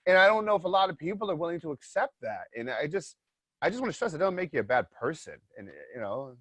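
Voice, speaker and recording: A man guest in a casual interview, telling a story in an animated way, swearing freely and repeating his points. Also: a little high, quick pace, no room sound.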